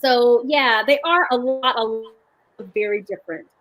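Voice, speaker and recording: A woman's voice: fairly high pitch, normal speed, a bit bright, low-quality recording. A woman author telling stories with animation and many restarts in a live video chat. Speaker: author guest.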